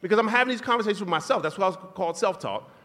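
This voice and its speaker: A man with a slightly raised pitch tells a relationship story on a live podcast, chuckling as he goes. His voice carries the long reverb of a venue hall. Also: rapid-fire. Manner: laughing, animated storytelling. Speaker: podcast co-host.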